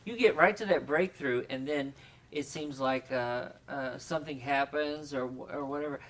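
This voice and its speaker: A man's voice: on the high side, moderate pace, fairly bright tone. A man hosting a casual interview, talking in a rambling, hesitant way with many restarts. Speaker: talk show host.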